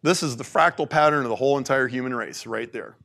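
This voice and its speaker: A man giving an informal faith talk to an audience, animated and conversational, with plenty of "like"s. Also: medium pitch, quick pace, gravelly. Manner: animated, conversational preaching with many "like"s.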